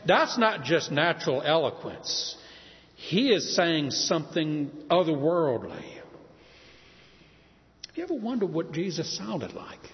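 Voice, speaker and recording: Older male preacher in a lively, echoing hall. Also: fairly high pitch. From Texas. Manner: earnest preaching with shifting emphasis and dramatic pauses. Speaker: pastor. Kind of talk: sermon. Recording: muffled sound in a reverberant hall.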